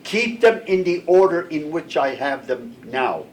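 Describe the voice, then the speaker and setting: A man's voice: fairly high pitch, sing-song, unhurried. Older man teaching, heard from a distance. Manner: patient, checks in with listeners. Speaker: language teacher. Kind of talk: classroom language lesson. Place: classroom with students. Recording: distant mic, faint room noise.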